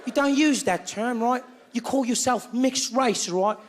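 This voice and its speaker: A man from South Africa telling a stand-up comedy story with playful, quick asides. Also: very high voice, background noise.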